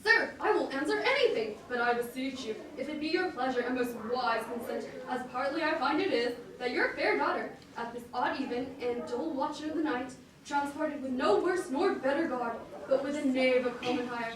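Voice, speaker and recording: A woman playing an anxious lovesick young gentleman in an amateur Shakespeare reading, pleading earnestly and politely, recorded in an echoey room from a distance. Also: high voice, moderate pace, hardly any pauses, crowd noise, close to an everyday voice. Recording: echoey room picked up from afar.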